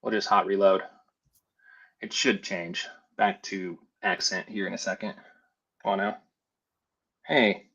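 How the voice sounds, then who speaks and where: A man's voice: deep voice, flat delivery, unhurried, pauses often, fairly bright tone, husky, lo-fi sound. A man teaching a casual screen-share tutorial, thinking aloud as he builds. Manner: thinks aloud while building, talks to himself. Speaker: FlutterFlow trainer.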